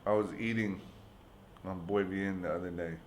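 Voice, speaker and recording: A man from San Francisco hosting a casual podcast chat, easygoing and profane, often answering with a quick "yeah". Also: sits low, steady tone, slight background noise. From United States, San Francisco. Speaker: podcast host.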